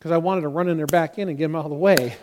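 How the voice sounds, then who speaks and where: Preaching as a pastor, this man has a voice that sits high for a male speaker. His delivery is animated, rapid-fire and a little mellow, and he slips into the voices of the people he quotes.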